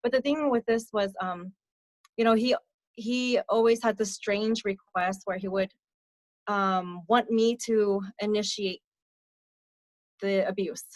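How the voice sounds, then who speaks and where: A young adult woman giving a candid personal testimony as a podcast guest, speaking softly with many fillers and letting her voice sink on the hardest parts. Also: steady tone, slow, long pauses, dry recording. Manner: soft-spoken, frequent fillers, drops low on hard parts. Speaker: podcast guest, abuse survivor mentor.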